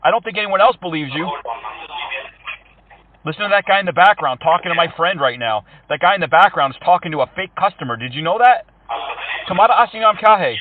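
A man's voice: fairly high pitch, fast, no echo, far from the mic. A man making a prank phone call, taunting the person on the other end with fake sympathy and sarcasm. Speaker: scam-baiting prank caller. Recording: tinny phone line.

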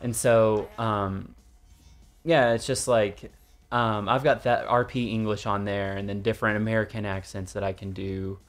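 A man, a voice actor, chatting casually on a podcast in a joking, animated way. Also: on the low side, moderate pace. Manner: joking, animated storyteller who slips into voices. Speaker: voice actor guest.

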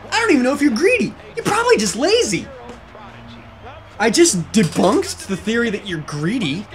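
A let's play commentator ranting with open frustration and plenty of swearing. The voice swings widely up and down, pelting the game's makers with exasperated rhetorical questions. It sits at a middle pitch. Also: a bit bright. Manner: angry, profane, exasperated ranting. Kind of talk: gameplay commentary rant.

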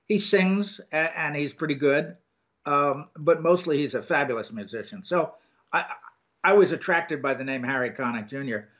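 An older man shares his opinions on a film, casual and halting, full of ums and restarts. His voice sits a little high. The recording sounds dull and lo-fi. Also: fairly bright tone. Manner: rambling, hesitant with many ums and restarts. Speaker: co-host film reviewer. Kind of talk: casual review chat.

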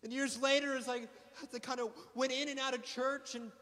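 A man's voice: extremely high pitch, flat delivery, brisk, sharp tone. A man preaching a sermon as pastor, impassioned and building in intensity. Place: church sanctuary. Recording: long reverb of a church hall.

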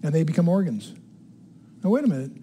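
A man's voice: on the high side, big pitch swings, fast talker, mellow, slight background noise. Older man teaching Bible with emphasis. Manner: emphatic, repeats key words, asks the audience questions. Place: room with a live audience.

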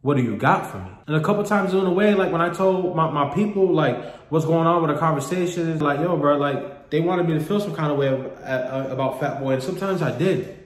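A man's voice: fairly high pitch, brisk, reverberant. A man vlogging a personal story in a candid, profane, rambling way, often repeating himself. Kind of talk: casual storytelling monologue.

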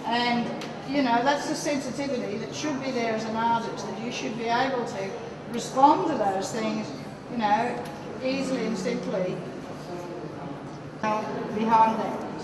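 An Australian woman giving a live watercolour demonstration, talking in a chatty way and thinking aloud as she paints. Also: a little high. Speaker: painting teacher. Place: large room with a live audience. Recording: echoey hall from far off, loud background noise.

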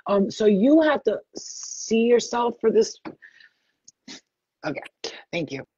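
A woman psychic medium giving a live online reading over a video call, talking in a rapid, chatty and blunt way and swearing freely. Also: fairly high pitch, very animated, dark tone, slightly rough, highs cut off.

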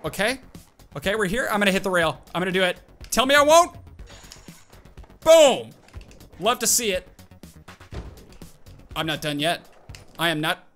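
A man hosting a gaming video, giving excitable live commentary full of exclamations as he plays. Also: high voice, brisk, long pauses, faint music behind. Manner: excitable, exclaiming and self-hyping. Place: at a home computer desk.

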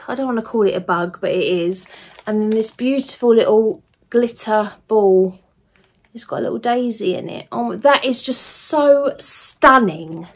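Gushing woman showing off gifts. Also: mid-range voice. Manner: gushing, enthusiastic, chatty with fillers. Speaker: vlogger. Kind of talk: casual gift haul chat.

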